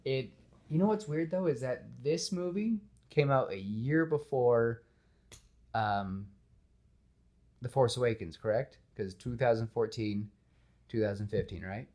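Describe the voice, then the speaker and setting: A man hosting a podcast in casual chat, telling a story with lively acted-out scenes. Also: medium pitch, a little slow, pauses often. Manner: animated storytelling, acts out scenes. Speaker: podcast host.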